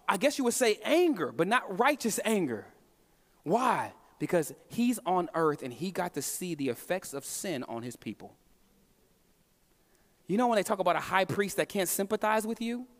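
A man preaching a sermon as pastor. His delivery is impassioned, swinging between hushed moments and emphatic calls. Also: high-pitched. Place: church sanctuary. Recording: long reverb of a large hall.

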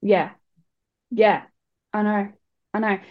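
A woman's voice: mid-range voice, steady tone, takes it slowly. A young adult woman frankly telling a personal story as an interview guest, often restarting her sentences. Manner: candid and frank, with frequent restarts. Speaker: guest speaker. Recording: dull lo-fi recording.

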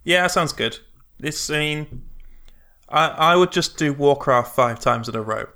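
Bright, eager man chatting on a podcast. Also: on the high side. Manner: eager, chatty, quick to laugh. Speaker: podcast co-host. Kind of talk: casual chat.

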